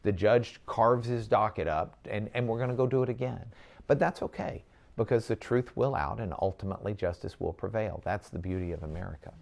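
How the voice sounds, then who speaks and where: A man who is a trial lawyer, explaining a case in a measured, wry way during an interview. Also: on the low side, creaky, a little mellow.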